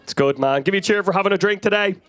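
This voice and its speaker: A high-pitched Irish man in his thirties tears through a stand-up set on a comedy club stage, talking straight into a handheld mic. His delivery is frenetic and anecdotal, and he keeps pulling the crowd in with questions. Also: very fast, background noise. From Ireland. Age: 30s. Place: comedy club stage before a live audience.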